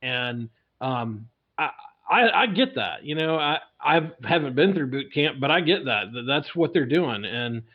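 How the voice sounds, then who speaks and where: A man, a podcast guest, speaking in a measured and thoughtful way in casual chat. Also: medium pitch, sing-song, muffled recording.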